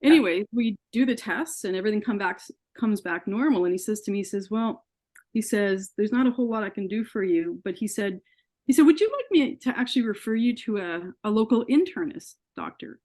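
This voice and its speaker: A woman's voice: medium pitch, lively intonation, brisk, mellow. Earnest woman guest, retells her ordeal and voices the quoted dialogue. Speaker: interview guest. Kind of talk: personal story in an interview.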